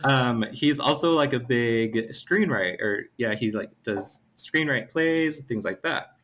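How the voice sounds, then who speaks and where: A man co-hosting a podcast, recapping an episode in a relaxed way with plenty of "um" and "you know". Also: mid-range voice, slow. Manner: relaxed, hedging with lots of fillers. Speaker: podcast co-host.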